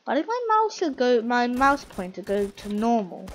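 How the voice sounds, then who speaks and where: A woman's voice: a little high, sing-song, normal speed, slight background noise. A woman giving casual gameplay commentary, rambling and teasing opponents while mocking her own play. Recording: recorded over loud gunfire game sounds. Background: game gunfire and sound effects.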